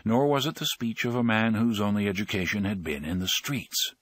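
Low-voiced man reading an audiobook. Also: no echo, studio quality. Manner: steady, measured storytelling. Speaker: audiobook narrator. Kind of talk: audiobook narration.

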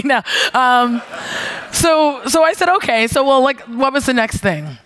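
A young woman from New York giving a conference talk, telling lively stories with swearing and acting out her own retorts. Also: high-pitched, unhurried. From New York, USA. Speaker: keynote speaker, founder. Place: stage before an audience.

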